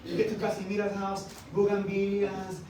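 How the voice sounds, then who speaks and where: A man, an author, telling a story on stage with animated quoted voices. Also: high-pitched, normal speed. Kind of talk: live storytelling performance. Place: event hall with audience. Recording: echoey hall from far off, audience noise.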